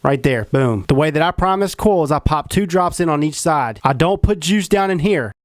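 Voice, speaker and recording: A man's voice: a little high, lively intonation, normal speed, dry recording, clean studio sound. A man giving a casual, slangy product review, talking the viewer through a device.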